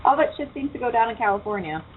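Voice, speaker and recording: A woman hosts a casual internet radio show, talking fast in a slightly high voice with lively intonation. She's loose and chatty and swears often. The audio is a tinny, phone-like line with a faint hiss.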